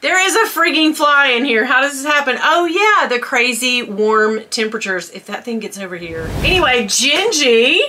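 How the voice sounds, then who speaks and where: A woman's voice: high voice, animated, normal speed, hardly any pauses, pushed and bright, slight background noise. A woman, chatting casually to her viewers from home in a self-deprecating way as she opens advent calendars. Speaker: vlogger. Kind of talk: casual vlog chat. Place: at home, indoors.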